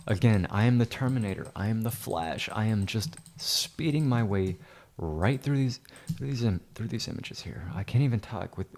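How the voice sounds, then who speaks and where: A man's voice: fairly low pitch, vocal fry, darkish tone. A man hosting a photo-editing livestream, talking in a rambling, mock-grandiose and sarcastic way, with keyboard clicks behind him. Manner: mock-grandiose, sarcastic, insulting viewers in jest.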